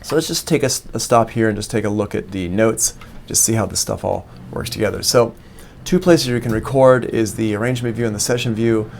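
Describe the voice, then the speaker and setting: A man with a lowish, gravelly voice teaches a music software class over a live stream. He talks into a studio mic and walks through each step patiently, explaining as he clicks. His tone stays plain and instructional. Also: brisk, a little hiss or hum. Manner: explanatory, walking through steps on screen. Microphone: studio microphone plugged into an interface.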